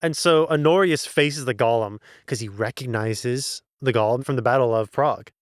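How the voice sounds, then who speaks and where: This man co-hosts a podcast, chatting casually through a novel's story and voicing the characters' lines himself. His mid-range voice moves at a normal speed, and the sound is dry and studio quality.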